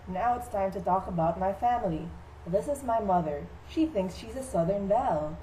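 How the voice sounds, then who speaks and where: A woman's voice: medium pitch, a little fast, dark tone, a little hiss or hum, poor audio. A teenage girl presenting a school project skit, playing a famous playwright in her own voice with a cheeky, jokey manner. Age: teens. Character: playful playwright recounting his life. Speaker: student presenter.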